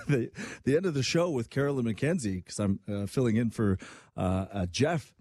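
An out-of-breath young man hosts a radio show, rambling excitably with lots of fillers. His pitch swings widely and his voice is a little husky. The sound is dry and close. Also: moderate pace, no echo. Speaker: radio host. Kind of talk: casual radio show chat.

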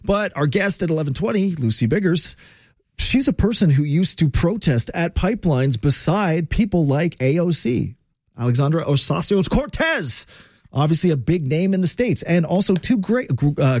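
Man, talk radio host, opinionated monologue, lively swooping pitch, dry studio sound. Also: moderate pace, no room sound. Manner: animated, ranting, conversational with fillers.

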